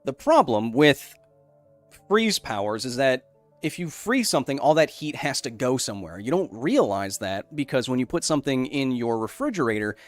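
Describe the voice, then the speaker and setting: Young male streamer, casual and self-interrupting, mid-pitched, soft music bed. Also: very animated, moderate pace, no echo. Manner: rambling, self-interrupting, loose explanations. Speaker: livestream science host. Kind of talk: casual live chat, reading viewer messages.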